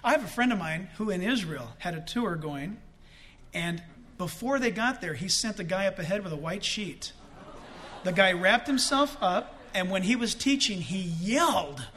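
A man preaching a sermon in an animated way, breaking into shouts for emphasis and joking as he goes. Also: sits high, normal speed, slight background noise. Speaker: pastor.

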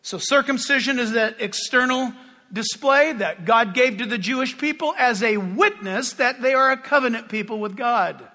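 High voiced preacher guy, bright and sharp, telling a story to the congregation, long reverb. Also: normal speed. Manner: animated storytelling, addresses the congregation. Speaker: pastor. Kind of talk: sermon.

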